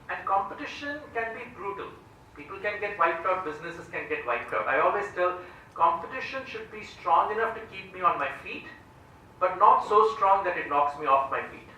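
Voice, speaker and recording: A man's voice: high voice, bright, forceful tone, a little hiss or hum. A man giving a public lecture on economics, explaining step by step and often asking "right?". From India. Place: large lecture hall, standing before an audience. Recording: very echoey hall from far off.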